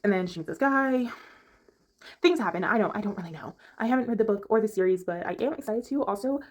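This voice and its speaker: A chatty woman talks casually about books, in a voice of ordinary pitch. She rambles from point to point and stops to hunt for the right word. She speaks from her bedroom. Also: animated, quick pace. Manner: chatty, rambling, gropes for words. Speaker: book reviewer. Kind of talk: casual chat.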